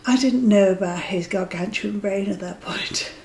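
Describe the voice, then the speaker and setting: Speaking at a moderate pace in a mid-range, slightly mellow voice, a woman in her fifties shares a dating anecdote for her vlog. She's chatty and amused, occasionally whispering an aside. The sound is reverberant and of poor quality.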